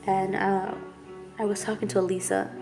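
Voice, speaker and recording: A woman telling a painful personal story to camera in a halting, candid way, with many fillers and restarts. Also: medium pitch, little pitch movement. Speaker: vlogger. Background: music playing.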